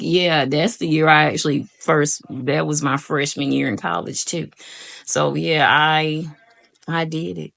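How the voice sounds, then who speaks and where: A woman's voice: low-pitched, creaky. A young woman, telling her own story to viewers in a casual vlog and acting out what she said back then. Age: young adult. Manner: animated retelling, acts out her own quoted voice; addresses viewers as y'all. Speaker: vlogger.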